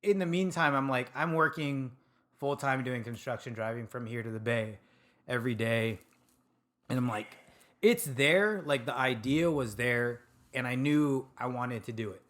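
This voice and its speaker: A man from Sacramento, a podcast guest telling his story in relaxed, casual chat and swearing now and then. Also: medium pitch, normal speed. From Sacramento, California. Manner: laid-back, laughs often, swears casually. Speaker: podcast guest, food truck owner.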